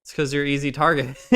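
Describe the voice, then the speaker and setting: A man's voice: on the high side, a bit bright. A man reacting on a live stream, blunt and profane, rambling and often restarting his sentences.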